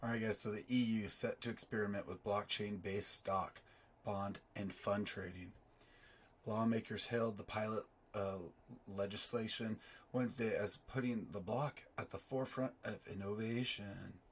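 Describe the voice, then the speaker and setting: Male finance vlogger, hoarse and raspy, lowish voice, loose chatty read with self-deprecating tangents. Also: steady tone, moderate pace. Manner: rambling, self-deprecating asides. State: hoarse, sore throat. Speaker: finance YouTuber. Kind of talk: casual commentary reading news articles.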